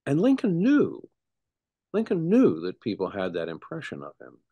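A middle-aged man, a historian, speaking as an interview guest in an animated storytelling way with frequent restarts. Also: a little high, normal speed, slightly rough, dull audio. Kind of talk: conversational interview.

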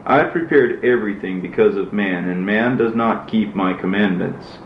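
A man voicing God as a stern male divine judge, in a measured, solemn reading. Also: on the low side, slight background noise, close to an everyday voice. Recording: roomy, dull lo-fi recording.

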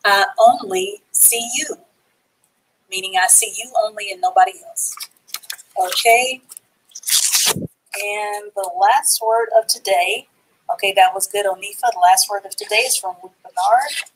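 A woman's voice: mid-range voice, a little slow, pauses often, background noise. A woman teaching a live online reading class, sounding out and spelling words letter by letter.

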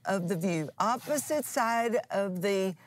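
A woman's voice: medium pitch, lively intonation, a little slow. A woman pastor and co-host giving a conversational Bible teaching in an earnest, plain-spoken way, restarting phrases as she explains.

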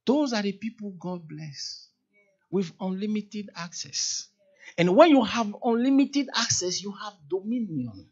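Lively, emphatic male church elder preaching. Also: high voice, unhurried. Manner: lively preaching, rising to emphatic peaks, acts out quoted dialogue. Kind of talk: sermon. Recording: dull, lo-fi sound.

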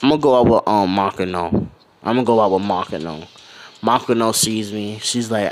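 A man's voice: fairly low pitch, fairly quick, slight background noise. Man rambling through a fan story. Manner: animated, loose and rambling. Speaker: channel host. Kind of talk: casual fan-fiction storytelling.

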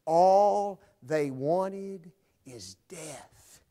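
A man preaching a sermon to his congregation, speaking to them directly and swinging from loud climaxes to hushed low lines. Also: lively intonation, drawn-out words.

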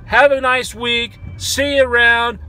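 A man from the United States ranting angrily and sarcastically to his viewers from inside a car, with sudden loud outbursts. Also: extremely high pitch, fairly even intonation, measured pace. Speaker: vlogger. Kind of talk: ranting commentary.

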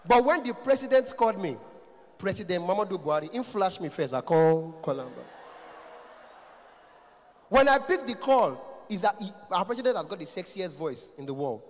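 A man in his thirties with a Nigerian accent doing loud, teasing stand-up crowd work on a big concert stage. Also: sits high, normal speed. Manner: loud, animated, teasing, laughs often. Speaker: stand-up comedian. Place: large concert hall stage. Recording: echoey hall, live stage.

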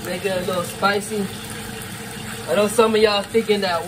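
A middle-aged man casually talking viewers through cooking crawfish outdoors, savoring the food with drawn-out mms. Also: sits high, steady tone, noisy background. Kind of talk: casual cooking vlog talk. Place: outdoors at a campsite.

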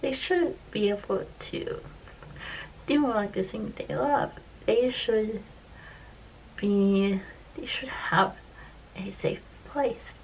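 Tearful, halting woman vlogger, gravelly voice. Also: medium pitch, a little hiss or hum, rough recording. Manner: halting and repetitive, slipping into soft whispers. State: upset, close to tears. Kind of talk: casual opinion vlog.

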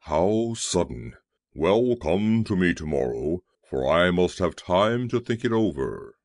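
Brief: booming storybook wizard, low and drawn out. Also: male voice, very animated, takes it slowly, a little mellow, dry recording, studio quality, heavily acted. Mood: grave. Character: booming hidden wizard voice from a throne, male, imposing.

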